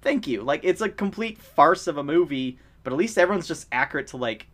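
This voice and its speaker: Animated young man ranting about movies. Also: on the high side, fairly quick. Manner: ranting, animated, laughs often. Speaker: podcast co-host. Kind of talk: casual movie-review chat.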